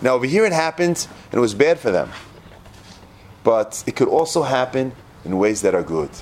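A man giving a Torah class, quoting Hebrew verses and translating them, dropping to a low hush at dramatic moments. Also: moderate pace, slight background noise. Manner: expressive, quotes Hebrew verses then translates. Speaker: Torah teacher.

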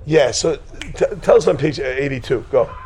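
This teacher speaks in a mid-range, expressive voice with a somewhat dark tone as he guides a group through a casual religious discussion. Quick to laugh, he jokes and digresses, then rises into forceful preaching.

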